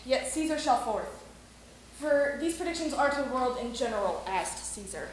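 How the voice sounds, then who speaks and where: A woman's voice: sits high, lively intonation, a little hiss or hum. Caesar, a woman playing a proud commanding ruler. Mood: defiant. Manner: slow, declamatory verse delivery. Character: proud defiant Roman ruler Caesar, male. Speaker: camp actor. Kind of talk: amateur stage Shakespeare. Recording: echoey room.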